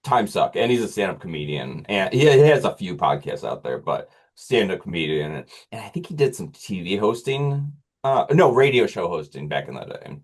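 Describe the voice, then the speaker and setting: A man co-hosting a casual podcast, teasing the others and pausing often with ums. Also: deep voice, big pitch swings, breathy edge. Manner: teasing, hesitant with many ums. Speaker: podcast co-host. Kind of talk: casual chat.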